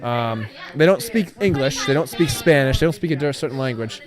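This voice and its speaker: A man's voice: medium pitch, lively intonation, a little fast, some chatter behind. A young man rambling through his made-up stories in a casual livestream chat, hesitant and full of fillers and restarts.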